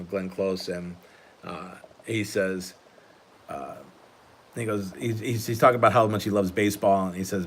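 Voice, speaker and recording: A man's voice: fairly low pitch, a bit bright. A man hosting a casual live stream, talking in an easygoing, rambling way with many restarts. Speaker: host and coach. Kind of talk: casual live-stream chat while sorting cards.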